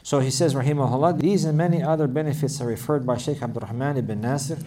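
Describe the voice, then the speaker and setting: A man's voice: medium pitch, fast talker, dark tone, distant mic. A man teaching a religious lesson who repeats phrases for emphasis and rises to intense, emphatic passages. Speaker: Islamic teacher. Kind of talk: religious lesson with Arabic quotes.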